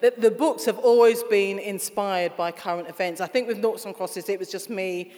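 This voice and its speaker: Woman author, interview guest; animated, laughing storyteller; reverberant room. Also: medium pitch, normal speed. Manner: animated, laughing, acts out quoted voices.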